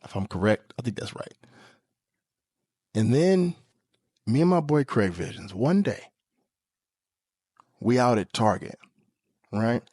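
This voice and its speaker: A man telling jokes as a podcast host, his pitch swinging widely as he leaps into squeaky bits. The sound is dry and close on the mic. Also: takes it slowly, pauses often, slightly rough, dry recording. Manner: animated, joking, with sudden jumps into high squeaky tones. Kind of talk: comedic monologue.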